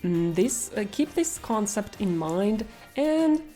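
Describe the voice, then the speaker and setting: Slow, mellow-voiced Russian-accented woman teacher. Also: mid-range voice, big pitch swings, soft background music. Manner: slow, careful, stretching out example words. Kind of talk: online language lesson.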